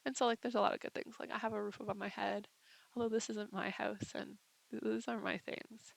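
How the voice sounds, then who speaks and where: A woman's voice: mid-range voice, flat delivery, a little fast, vocal fry, low-quality recording. A young woman talking in a casual confessional vlog, rambling and hesitant with lots of fillers. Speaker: vlogger.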